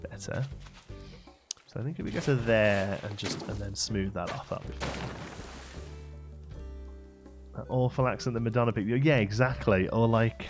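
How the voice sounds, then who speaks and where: A man from England, rambling casually as he hosts a game livestream and answers his chat. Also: fairly low pitch. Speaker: livestream host.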